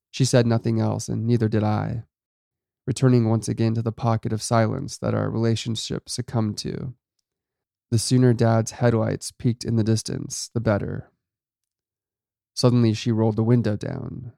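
A man narrating a first-person horror story in a steady, low-key way. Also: moderate pace, gravelly, no echo, studio quality.

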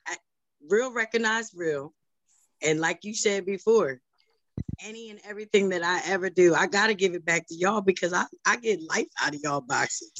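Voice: mid-range voice, normal speed, a bit bright, no echo, lo-fi sound. A participant on a group call, earnest and grateful as they speak. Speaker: meeting participant. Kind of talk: casual chat on a group call.

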